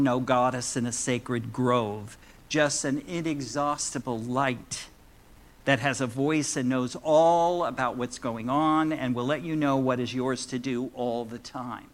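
A man's voice: mid-range voice, fairly even intonation, slow, a bit bright. A man preaching a sermon to his congregation in a conversational, playful way, mixing teaching with jokes. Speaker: minister.

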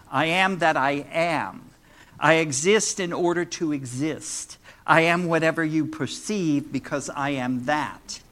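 A man's voice: mid-range voice, a bit bright. A man preaching a sermon to his congregation in a conversational, playful way, mixing teaching with jokes. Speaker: minister.

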